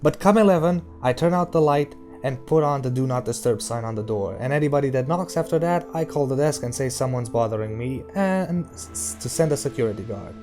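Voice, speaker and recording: A man's voice: medium pitch, expressive, a little fast, few pauses, dark tone, soft background music, natural voice. A man voicing a tense young male heroin addict who talks bluntly and threateningly. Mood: cool threatening.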